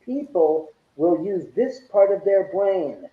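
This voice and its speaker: A man telling stories as a guest on an interview show, animated and often laughing as he acts out what others said. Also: high-pitched, takes it slowly. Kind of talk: casual storytelling interview. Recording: echoey, dull lo-fi sound.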